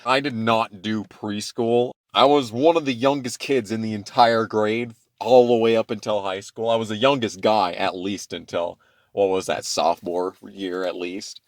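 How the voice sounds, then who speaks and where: A man in his twenties telling childhood stories in a casual, profane, rambling way, swinging between loud rants and low mutters. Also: fairly even intonation, moderate pace, dry recording. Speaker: channel host. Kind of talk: casual storytime monologue.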